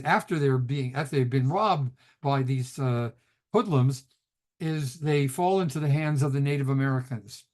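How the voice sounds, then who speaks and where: A middle-aged man, a rabbi, teaching a class over a video call, telling stories casually with laughs and restarts. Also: a little high. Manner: chatty storyteller, laughs often, restarts sentences.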